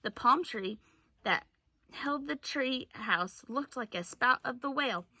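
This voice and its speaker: Slow, bright teacher reading aloud. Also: female voice, high voice, expressive, no room sound. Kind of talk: reading a chapter book aloud.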